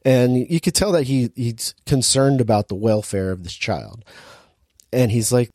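A man's voice: lowish voice, normal speed, darkish tone, no echo. Rambling man recapping a film, dry sound. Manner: rambling, many "like" fillers. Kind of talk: casual movie recap chat.

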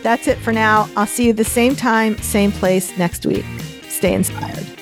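A middle-aged woman hosting a solo podcast, telling personal stories in a chatty way with animated restarts. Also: on the high side, unhurried, over music. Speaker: podcast host.

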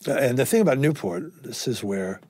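An older man, a guest musician, telling anecdotes in an animated way, acting out dialogue and swearing casually. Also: medium pitch, moderate pace, no room sound. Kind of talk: anecdotal storytelling.

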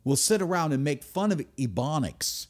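A man giving a speech to an audience, emphatic, with sudden loud stresses and drops to a near-whisper. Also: fairly high pitch, animated, normal speed. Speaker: speaker.

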